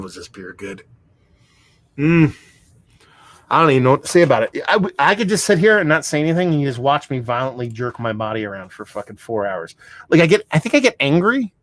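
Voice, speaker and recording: Excitable, profane man reviewing beer. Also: mid-range voice, no echo. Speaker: beer reviewer hosting a livestream. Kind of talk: casual livestream chat. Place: home room.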